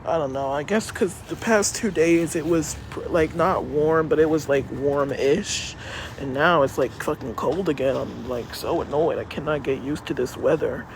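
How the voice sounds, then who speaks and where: A woman's voice: low-pitched, normal speed. A woman livestreaming outdoors on a city street, chatting casually and rambling with her viewers, swearing freely and saying she is cold. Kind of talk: casual live-stream chat. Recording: street noise, echoey street.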